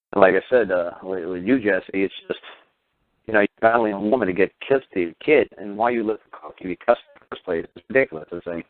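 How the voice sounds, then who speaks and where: Combative male radio talker, rapid-fire and low-pitched, tinny phone-line audio. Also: dry recording. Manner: combative, rapid-fire rhetorical questions, swears. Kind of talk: heated call-in radio rant.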